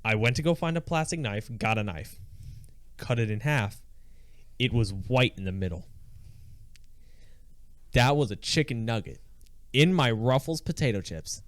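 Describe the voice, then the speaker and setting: This young podcast co-host has a mid-range voice, a moderate pace and frequent pauses, captured in a dry recording. Chatting casually, he tells stories with animation and performs other people's lines.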